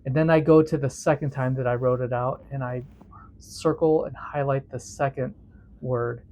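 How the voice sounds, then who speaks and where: A man's voice: mid-range voice, steady tone, normal speed, warm tone, slight background noise. A man teaching a devotional method in a casual, earnest way, often repeating words as he explains.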